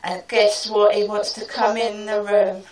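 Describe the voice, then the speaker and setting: A woman's voice: medium pitch, flat delivery, measured pace. A woman with a British accent half-singing a rambling comic song as she tells her story. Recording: echoey room, far from the mic.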